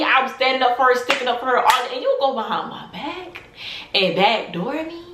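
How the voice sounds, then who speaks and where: A woman in her twenties telling a storytime tale to her vlog audience, animated and emphatic, full of slang. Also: sits high, brisk, reverberant, noisy background. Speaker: vlogger.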